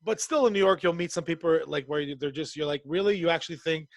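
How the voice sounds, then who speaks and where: A high-voiced man from Canada tells podcast stories in a loose, swearing, animated style. He slips into the voices of the people he quotes. The sound is dry and close. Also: fast, dry recording. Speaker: podcast co-host. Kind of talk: casual storytelling chat.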